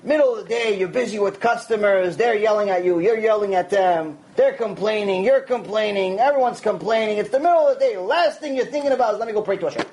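Animated high-voiced man giving a Torah lecture. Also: brisk, hardly any pauses. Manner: animated, conversational, acts out quoted voices. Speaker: rabbi.

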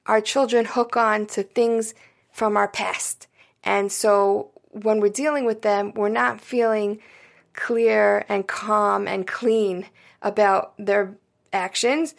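A woman with a noticeably gravelly, creaky voice talks parents through a lesson in a relaxed, conversational way. She addresses the listener directly and keeps checking in with little "right?" asides, at a middle pitch. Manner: conversational, frequent "right?" and "you know" check-ins; warm coaching tone, speaking directly to parents. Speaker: parenting educator. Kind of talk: casual spoken parenting lesson.

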